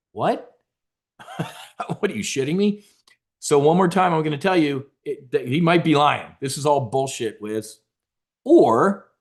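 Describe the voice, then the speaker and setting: Emphatic, blunt middle-aged man. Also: mid-range voice. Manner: emphatic and blunt, swears, asks and answers his own questions. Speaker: host of a stock options trading show. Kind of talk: animated market commentary and sales pitch.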